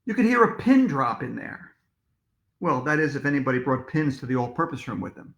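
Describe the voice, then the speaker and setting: A man, an author, reading his own storybook aloud to children in a lively, expressive manner. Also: medium pitch, a little fast. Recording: echoey room.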